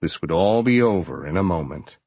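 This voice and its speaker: Husky low-voiced male audiobook narrator. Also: moderate pace, no echo. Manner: steady, dramatic storytelling.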